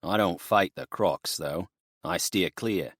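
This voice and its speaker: A man's voice: sits low, takes it slowly, fairly bright tone, slightly rough, no room sound, studio quality, exaggerated voice. A man voicing a jovial bearded truck driver from the backwoods, speaking in an exaggerated drawl.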